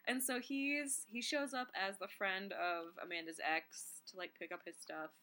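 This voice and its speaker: Young woman walking through a movie plot, super bright voice, easygoing. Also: medium pitch, measured pace. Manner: laughs often, explains plot in a relaxed way. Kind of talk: casual movie recap chat.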